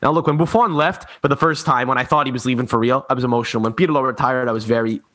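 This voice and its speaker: Fast-talking man, halting and searching for words. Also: medium pitch, a bit bright. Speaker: podcast guest. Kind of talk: casual podcast chat.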